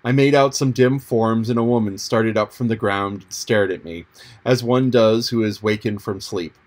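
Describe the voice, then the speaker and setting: A man reading an audiobook chapter in a measured, descriptive manner. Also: on the low side. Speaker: audiobook narrator. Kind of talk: audiobook narration.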